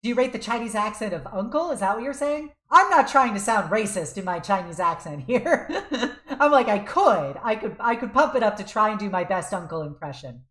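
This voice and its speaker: A young woman streamer rambles cheerfully between games, laughing often. Her pitch leaps up and down as she talks, and the sound carries a roomy echo. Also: animated, fairly quick, fairly bright tone. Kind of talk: casual chat while gaming.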